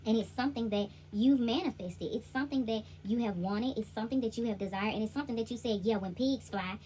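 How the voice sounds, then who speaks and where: A woman's voice: a little high, quick pace, warm tone, a little hiss or hum. A woman with a Southern US accent giving a chatty, laughing, slangy tarot reading. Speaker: intuitive tarot reader.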